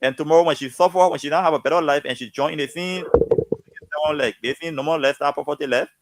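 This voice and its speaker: A man's voice: on the high side, quick pace, dry recording. A man speaking as a guest, fervent and preachy, stirred up and emotional. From Liberia. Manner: fervent, preachy, repeats himself. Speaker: guest commentator. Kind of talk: impassioned political talk.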